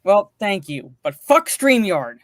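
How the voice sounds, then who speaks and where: A woman's voice: medium pitch, big pitch swings, takes it slowly, dry recording, clean studio sound. A woman co-hosting a live stream, ranting and cursing, then greeting viewers in the chat one by one.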